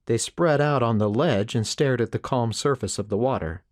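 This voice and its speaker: The audiobook is read in the first person by a man with a medium-pitched voice. He keeps the narration steady and measured.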